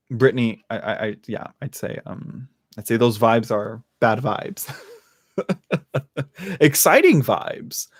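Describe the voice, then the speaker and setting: A man's voice: fairly low pitch, dry recording, studio quality. Chatty man doing live tarot readings. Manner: chatty, laughs often, many fillers and restarts. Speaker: tarot reader hosting a live stream. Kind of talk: casual live-stream chat.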